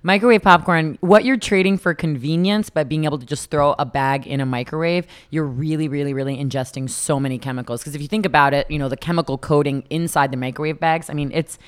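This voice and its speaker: A woman co-hosting a podcast, chatty and emphatic, often agreeing and adding to her partner's points. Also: sits low. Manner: emphatic, chatty, quick to agree and laugh along. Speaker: podcast co-host. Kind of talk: casual chat.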